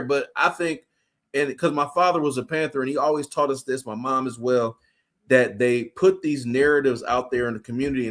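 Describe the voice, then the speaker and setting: A man's voice: medium pitch, fairly bright tone. A man co-hosting a live talk show, speaking casually with street slang and profanity. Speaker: co-host.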